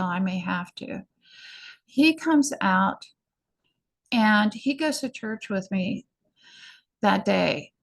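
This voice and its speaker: A middle-aged woman recounts her own story as a podcast guest, her mid-pitched voice carrying a gravelly, creaky texture. She talks in an earnest, hurried way and often breaks off to restart a sentence. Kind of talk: personal storytelling in an interview.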